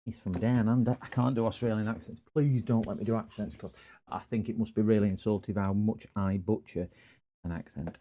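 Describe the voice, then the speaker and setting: A Scottish man with a broad accent repairs computers on a live stream, greeting viewers and rambling through stories in a casual way. His voice sits on the low side and is a little mellow, with slight background noise.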